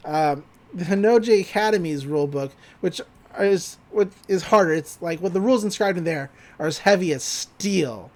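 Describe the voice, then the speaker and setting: Podcast co-host from Texas, mid-pitched, loose and sweary, recapping a cartoon episode. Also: a little fast, few pauses, darkish tone. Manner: rambling, profane, laughs often.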